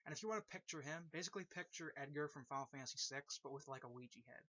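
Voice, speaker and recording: A man's voice: fairly high pitch, very fast, bright, forceful tone, no room sound. A man casually explaining a fan-made story at length, rambling with lots of fillers and repeated phrases. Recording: dull lo-fi recording.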